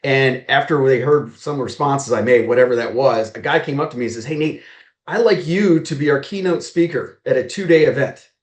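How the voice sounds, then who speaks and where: Animated storytelling man, roomy sound. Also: mid-range voice, a little fast. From Maryland, US. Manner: animated storyteller acting out quoted dialogue. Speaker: guest, real estate agent. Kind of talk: storytelling in a podcast interview.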